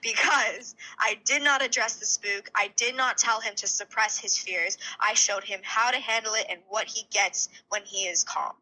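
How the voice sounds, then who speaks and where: A woman's voice: medium pitch, fairly even intonation, normal speed, few pauses, sharp tone, poor audio. A woman horse trainer, a guest on a podcast, telling stories eagerly in casual conversation and laughing as she talks.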